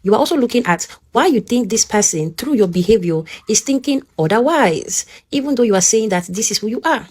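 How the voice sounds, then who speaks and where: A woman's voice: a little high, lively intonation, brisk, hardly any pauses, darkish tone, breathy edge. A woman with a Nigerian English accent giving a motivational teaching talk, speaking earnestly and directly to the listener and often checking in with them.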